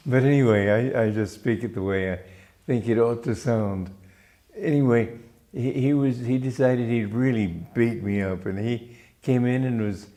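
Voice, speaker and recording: A man from Romania, a spiritual teacher giving a gentle, unhurried reflective talk with small restarts. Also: medium pitch.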